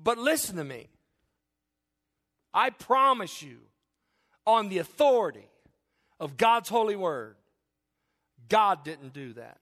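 A middle-aged man preaching a sermon as pastor, animated, often acting out the voices of his listeners and the people in his stories. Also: sits high, slow, pauses often.

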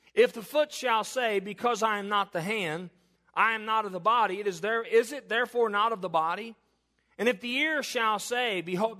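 A male pastor with a high-pitched voice gives a sermon in church. He reads scripture slowly and emphatically, then prays in a hushed voice.

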